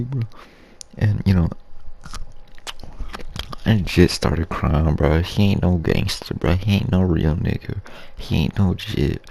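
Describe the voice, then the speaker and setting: Very deep gravelly young man, rambling. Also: measured pace, dark tone. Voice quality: low gravelly breathy voice. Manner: rambling, crude slang-heavy street talk. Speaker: YouTube storyteller. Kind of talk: ASMR storytelling, half whispered.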